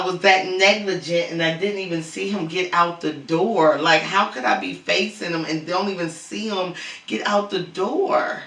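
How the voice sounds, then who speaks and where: A man talks through his grief in a halting vlog, stumbling over his words and circling back to them. His voice sits high and bright. He is recorded from a distance in an echoing room. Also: creaky. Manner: halting, stammering, repeats words. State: grieving, cried out. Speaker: lifestyle vlogger. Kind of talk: emotional vlog monologue. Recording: roomy echo, far from mic.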